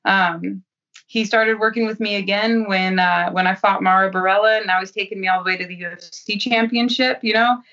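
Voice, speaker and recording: A woman's voice: medium pitch, steady tone, fairly quick, fairly bright tone, far from the mic, highs cut off. A woman fighter giving blunt, profane, self-assured interview answers.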